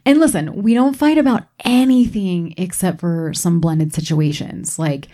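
Animated, self-mocking woman co-host. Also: on the low side, measured pace. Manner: animated storyteller who acts out quoted arguments; self-mocking and laughs often. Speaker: podcast co-host. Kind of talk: casual chat.

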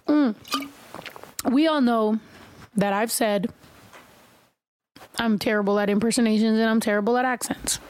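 A woman hosts a podcast in loose, casual chat. She is loud and excitable and swears freely. Her voice sits somewhat high and carries clearly from the podcast room. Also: normal speed, long pauses. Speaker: podcast host.

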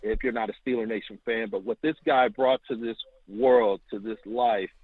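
A man calling in to tell a long story, animated and acting out quotes, heard over the phone. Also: moderate pace, breathy edge, no room sound. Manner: animated, acts out quotes with rising pitch. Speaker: caller. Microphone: telephone. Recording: tinny phone line.

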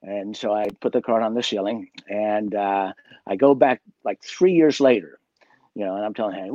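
Speaking at normal speed in a lowish, dark voice, a man appearing as a guest magician tells a casual story over a video call. He laughs, restarts and uses many fillers, and the dry audio sounds lo-fi.

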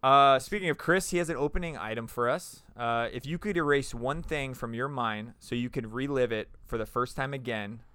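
Bright, crisp-voiced casual podcast host man. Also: mid-range voice, normal speed, few pauses, no room sound. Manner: loose, swearing, laughs often.

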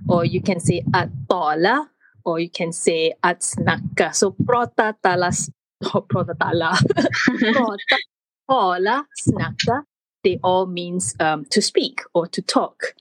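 A woman's voice: on the low side, slow, dry recording, rough recording. A woman hosting a casual studio segment, explaining words of the day and acting out her own surprise. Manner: animated, acts out her own reactions. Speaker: host teaching words of the day. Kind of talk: casual studio chat, language lesson.

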